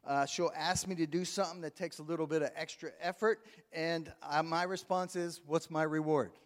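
A man's voice: on the high side, fairly even intonation, fairly quick. A middle-aged male pastor preaching a sermon, calling out to the congregation with rising emphasis and amens. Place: church sanctuary. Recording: long hall reverb.

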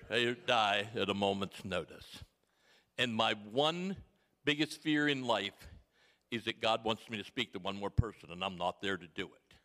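An older man giving a folksy mission testimony to a congregation, telling stories with gentle humour. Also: medium pitch. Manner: homely storytelling with gentle humour. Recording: long reverb of a large hall.

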